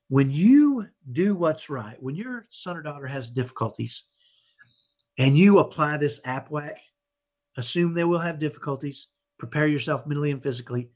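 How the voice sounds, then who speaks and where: A middle-aged man giving an earnest, motivational parenting talk as a podcast guest, often checking in with "right?". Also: fairly high pitch. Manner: earnest, tags points with "right?".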